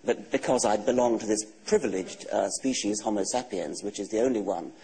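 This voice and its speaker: A man in his sixties with an English accent, a guest author answering questions in a TV studio interview in a measured, dry, matter-of-fact way. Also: on the low side, mellow, a little hiss or hum, poor audio. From England. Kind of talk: TV talk show interview.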